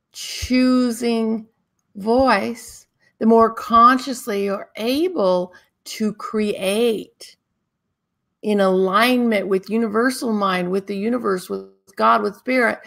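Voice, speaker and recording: A woman hosting a spiritual talk show, guiding listeners in a calm, drawn-out, meditative way. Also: a little high, gravelly. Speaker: spiritual teacher and show host.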